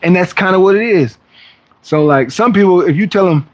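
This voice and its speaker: With a high-pitched, brisk voice, a man chats casually to viewers on his fitness livestream, using slang, rambling, restarting, and often imitating others. The sound is lo-fi, with slight background noise.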